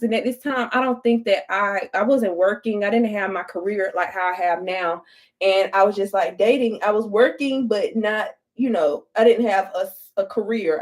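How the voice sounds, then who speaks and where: A woman's voice: medium pitch, normal speed. A young woman telling stories to viewers in a casual get-ready-with-me vlog, blunt and full of profanity. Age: young adult. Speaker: vlogger.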